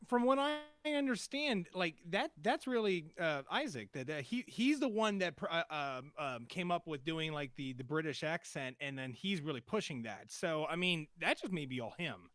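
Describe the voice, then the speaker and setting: A man's voice: on the high side, lively intonation, normal speed, hardly any pauses, a bit bright, no echo. A man co-hosting a podcast, musing about a TV episode in casual chat with a hesitant, speculative manner. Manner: hesitant, many fillers and restarts, speculative. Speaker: podcast co-host.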